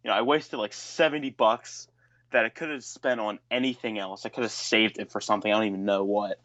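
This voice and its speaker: A man's voice: on the low side, steady tone, a little fast, a bit bright, lo-fi sound. A man co-hosting a podcast, telling stories in a casual, profane, ranting way. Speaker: podcast co-host. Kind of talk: casual chat.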